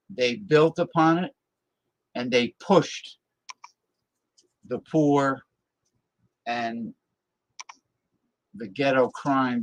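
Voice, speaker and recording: A man hosting a live-stream talk show, ranting bluntly and scornfully as he reacts to his viewers' chat. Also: medium pitch.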